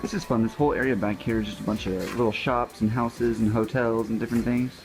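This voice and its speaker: A young man with a mid-pitched voice narrates a travel vlog in a relaxed way, tossing in dry jokes as he goes. Music runs clearly beneath his voice. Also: fast talker. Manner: dry, joking play-by-play. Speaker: travel vlogger. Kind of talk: casual travel vlog chat. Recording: music under the voice.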